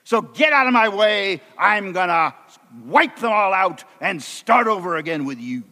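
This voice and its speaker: A man's voice: high-pitched, expressive, measured pace, bright, forceful tone, in a large hall, voice pushed up, exaggerated voice. A man voicing an exasperated, angry male God who speaks bluntly and colloquially.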